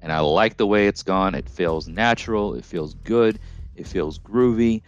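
Rambling male podcast host, low voice. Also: unhurried, muffled recording. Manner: loose, joking, rambling with filler words. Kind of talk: casual solo podcast rambling.

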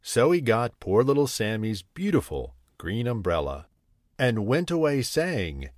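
Man reading a bedtime story slowly. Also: medium pitch, no echo, studio quality. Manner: slow, lively, sing-song storytelling. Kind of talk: reading a children's story aloud.

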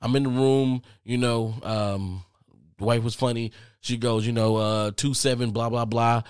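A man vlogging, telling a story casually to his viewers with lots of cursing and animated asides. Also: mid-range voice, measured pace, clear, resonant tone, dry recording, clean studio sound. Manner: profane, animated, talks straight to viewers.

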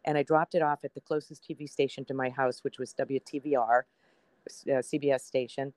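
This woman's voice rumbles low and stays steady, with a darkish tone and a brisk pace, captured dry. A TV meteorologist in her sixties, she's a podcast interview guest recounting something from her own life, chatty and animated as she performs the quoted dialogue.

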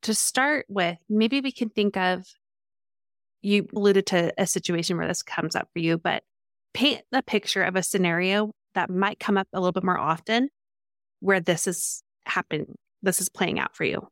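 A middle-aged woman coach speaking calmly and reflectively, with many affirming murmurs. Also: mid-range voice, normal speed, dry recording, studio quality. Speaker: parenting coach. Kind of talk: coaching conversation.

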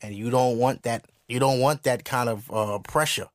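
A man hosting a podcast, ranting in casual comedic style, animated and profane. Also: mid-range voice, normal speed. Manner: animated, profane storytelling with voiced asides. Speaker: podcast host.

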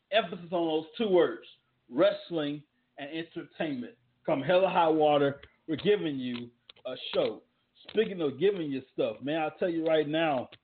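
A man rambles through wrestling talk and ad reads in an emphatic, loose way. His voice sits a little high. The audio is thin and tinny, like it came over a phone line. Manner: loose, emphatic, repetitive rhetorical questions. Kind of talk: casual commentary with ad reads.

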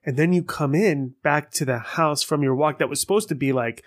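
A man hosting a casual solo podcast, rambling and swearing as he tells stories in an animated way. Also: a little high, moderate pace. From Persian heritage. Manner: rambling, profane, animated storytelling. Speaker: podcast host.

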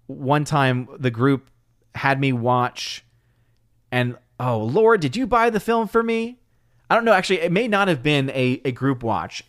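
A man in the middle pitch range hosting a casual live stream, reading viewer comments out loud and laughing between his takes. His voice sounds close and dry, with no room sound. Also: dry recording. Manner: chatty, reads viewer comments aloud, laughs often. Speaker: livestream host.

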